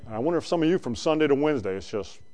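A male preacher giving a conversational sermon that swings between loud bursts and quiet asides. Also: medium pitch, expressive, racing.

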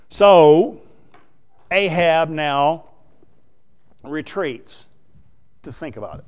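Preacher guy, high voice, folksy and emphatic, goes loud then real quiet. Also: animated, very slow, pauses often. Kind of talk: sermon.

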